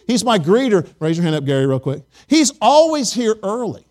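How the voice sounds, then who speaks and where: High-voiced pastor preaching a chatty sermon. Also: male voice, sing-song, fairly quick, darkish tone. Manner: chatty storytelling, asks the congregation for amens. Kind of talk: conversational sermon. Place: church sanctuary.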